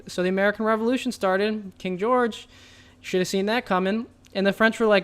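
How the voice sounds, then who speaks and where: A man hosting a comedic trivia segment, delivering absurd jokes as if they were straight facts in a deadpan, mock-serious way. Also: sits high, fairly quick. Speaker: trivia host.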